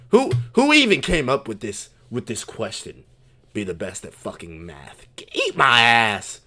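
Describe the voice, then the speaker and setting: A man streaming a casual reaction to a video, loud and profane, laughing often as he talks. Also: mid-range voice, huge pitch swings, takes it slowly.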